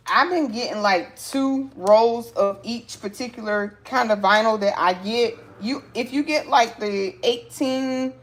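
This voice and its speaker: Slow-talking chatty woman teaching sewing. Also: fairly high pitch. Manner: chatty, talks to viewers as "y'all", excited exclamations. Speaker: sewing tutorial host. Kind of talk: casual live sewing tutorial.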